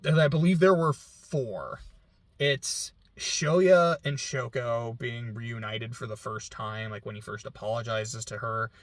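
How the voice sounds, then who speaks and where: A man's voice: medium pitch, fairly even intonation, a little slow, no echo. A young man talking casually through his reaction to a film, rambling and candid, laughing often and swearing now and then. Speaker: film reviewer. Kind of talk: casual movie reaction vlog.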